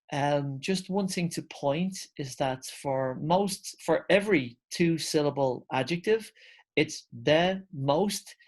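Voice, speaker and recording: Man teaching an online grammar lesson. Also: mid-range voice. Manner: relaxed, explains step by step with fillers; addresses viewers as guys. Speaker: English teacher.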